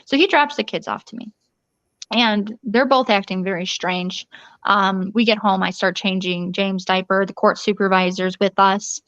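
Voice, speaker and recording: A woman's voice: mid-range voice, a bit bright, dry recording. Woman urgently recounting her story. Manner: urgent, rushed retelling with restarts and quoted dialogue. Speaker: interview guest. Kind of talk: recounting a personal ordeal in an interview. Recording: dull lo-fi dry recording.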